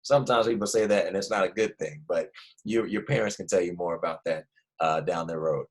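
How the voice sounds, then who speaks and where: A man teaching a recorded history lesson to first graders, animated and prompting the children to repeat after him. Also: sits low, a little fast, low-quality recording.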